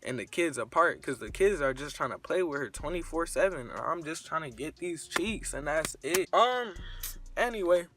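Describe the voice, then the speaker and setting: Casual young man with a sharp, forceful voice, animated crude storytime telling. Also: fairly high pitch, moderate pace, faint music behind. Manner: crude, slangy, animated retelling. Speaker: storyteller vlogger.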